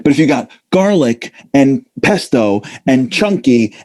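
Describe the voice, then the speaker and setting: A middle-aged man giving a lively motivational talk, full of casual fillers and acted-out voices. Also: medium pitch, a little slow, slight background noise. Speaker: speaker.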